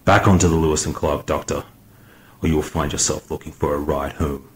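A man's voice: a bass voice, fairly even intonation, fairly quick, rough recording. A man voicing a cold, furious starship captain. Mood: cold commanding. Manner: clipped, commanding, cold.

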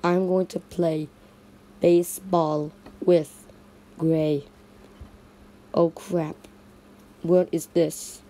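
A woman's voice: lowish voice, level tone, extremely slow, long pauses, warm tone. A woman narrating a playful toy stop-motion story in repetitive, sing-song toy voices.

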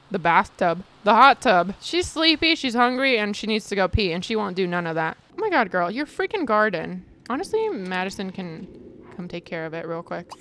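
Excitable woman narrating her gameplay. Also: medium pitch, slight background noise. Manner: excitable, dramatic, chatty with viewers. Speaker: gaming video creator. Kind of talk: casual gameplay commentary.

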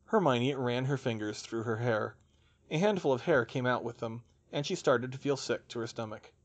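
A man reading a fantasy story aloud as its narrator, in an expressive style. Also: medium pitch, moderate pace. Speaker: audiobook narrator.

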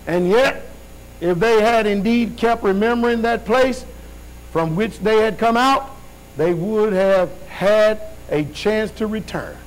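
A man's voice: sits high, slow pace, poor audio. A male preacher giving a fervent sermon, reading scripture with rhythmic call-and-response asides.

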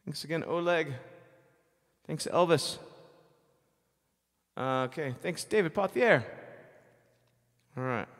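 A man's voice: on the high side, expressive, takes it slowly, vocal fry, long pauses, a bit bright. Man, middle-aged, casual rambling host chat, thanks viewers, voice drenched in reverb. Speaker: live-stream musician host. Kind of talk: casual chat between songs. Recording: long reverb on the voice.

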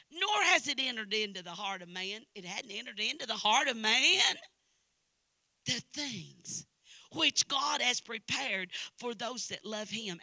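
Casting: older Southern woman preacher with an East Tennessee accent and a high, piercing voice; emphatic and repetitive, swinging from loud to hushed, recorded dry. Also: no room sound. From Knoxville, Tennessee. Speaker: guest preacher. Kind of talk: sermon. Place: church service.

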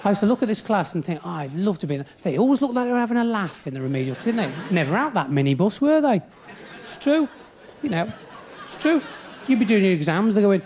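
A high-voiced British comic works a big theatre crowd, his delivery bouncing up and down in pitch. He sounds cheeky and chatty, and tosses off quick mumbled asides. The live recording is full of loud audience laughter and hall ambience. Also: very animated, noisy background. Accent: British English. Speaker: stand-up comedian. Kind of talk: live stand-up comedy. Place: large theatre stage.

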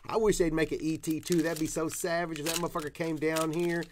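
A man's voice: on the high side, level tone, quick pace, slight background noise. A man from Tennessee, hosting a casual card-opening stream in a rowdy, profane, whooping way. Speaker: card breaker host. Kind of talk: casual live stream chat.

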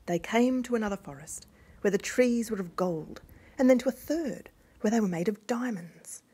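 A woman reading a fairy tale aloud in a hushed voice that often drops to a whisper. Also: mid-range voice, animated, moderate pace, husky. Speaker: storyteller.

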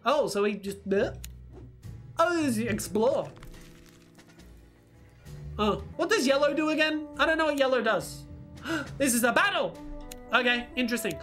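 A woman hosting a let's play, thinking aloud as she plays, excitable and swearing freely. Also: high-pitched, normal speed, long pauses, soft background music. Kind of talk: gameplay commentary.

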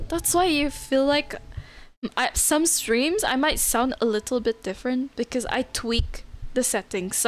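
A woman chatting to her stream viewers at an unhurried pace. She is relaxed and laughs often as she answers their messages. Soft music plays quietly behind her. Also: high-pitched. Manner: reads and answers chat messages. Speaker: live streamer. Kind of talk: casual chat with viewers.

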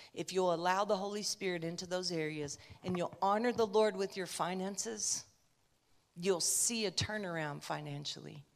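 A woman preacher giving a conversational sermon, telling a personal story with chatty asides. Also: medium pitch.

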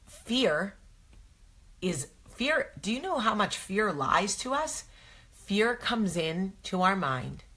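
A woman's voice: on the low side, pushed and bright. A woman host, talking casually and animatedly to her viewers, asking rhetorical questions. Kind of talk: casual motivational talk to viewers.

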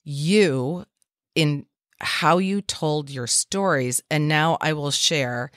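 A woman's voice: low voice, slow pace, a bit bright, no echo, clean studio sound. A woman hosting a podcast interview, asking questions and praising her guests in a casual chat. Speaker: podcast host.

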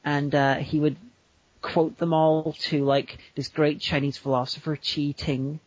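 Chatty man, higher pitch, dry mic. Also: level tone, no echo, muffled recording. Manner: rambling, quick to put on silly voices. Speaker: podcast co-host. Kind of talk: casual chat.

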